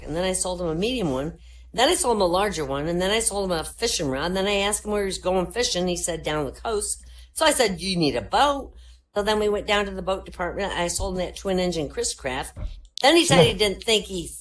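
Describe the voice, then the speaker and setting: A woman's voice: mid-range voice, expressive, brisk, rough recording. A woman comedian telling a string of jokes at an online comedy show, switching into character voices.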